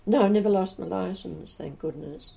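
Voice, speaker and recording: A woman's voice: medium pitch, normal speed, gravelly, mellow. An older woman, a nun, telling rambling anecdotes in a casual interview, with many restarts. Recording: dull lo-fi recording.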